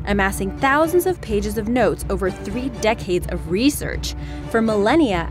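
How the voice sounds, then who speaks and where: A woman reads a scripted science explainer in a brisk, wry way. Her pitch moves a lot as she speaks. Clear music plays behind her, since the video is played over the stream.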